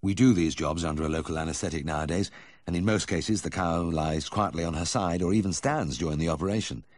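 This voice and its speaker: A man reading a memoir aloud as audiobook narration, telling the story in a measured first-person voice. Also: low voice, no room sound, clean studio sound. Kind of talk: scripted narration.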